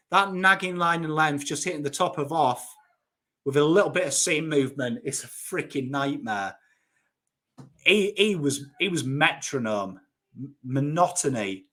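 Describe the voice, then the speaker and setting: Casually chatting about cricket with real enthusiasm, a Yorkshire-accented YouTuber in his thirties speaks bluntly and swears a little. Originally from Northern England, he has a fairly high pitch, a moderate pace and a fairly bright tone.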